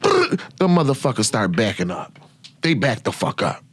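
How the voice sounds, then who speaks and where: A man in his thirties hosting a podcast, telling stories in a brash, profane, animated way. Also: lowish voice, normal speed, husky, dry recording. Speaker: podcast host. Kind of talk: casual storytelling.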